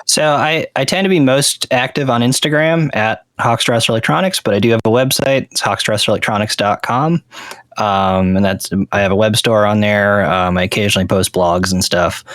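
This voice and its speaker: Laid-back man guest, slightly low. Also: normal speed, dry recording. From Massachusetts. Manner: relaxed, hesitant with fillers. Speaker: guest, pedal maker. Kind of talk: casual interview. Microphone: remote call line.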